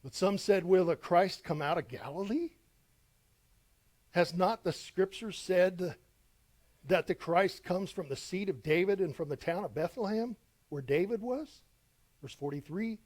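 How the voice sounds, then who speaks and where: A man's voice: sits high, animated, unhurried, darkish tone. A middle-aged man preaching verse by verse as a pastor, reading scripture dramatically with emphatic rises. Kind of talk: verse-by-verse sermon.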